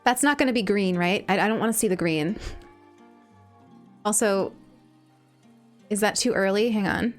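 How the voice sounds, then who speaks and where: A woman from Eastern Long Island with a Long Island accent, chatting casually on a live stream while gaming, rambling and breaking into excited squeals. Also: mid-range voice, moderate pace, pauses often. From Eastern Long Island, New York. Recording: game music playing faintly behind.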